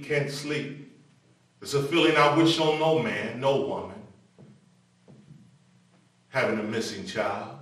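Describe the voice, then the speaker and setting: A man's voice: a little high, far from the mic. Older male preacher in an echoey room. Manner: impassioned preaching, then a quieter personal testimony. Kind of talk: televised sermon.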